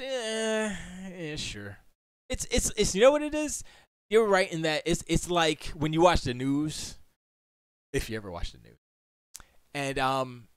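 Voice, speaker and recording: Animated man chatting on a live stream. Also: on the high side, clear, resonant tone, no room sound. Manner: animated, rambling, answers chat, many restarts. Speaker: music producer and stream host. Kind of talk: casual live-stream chat. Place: home studio.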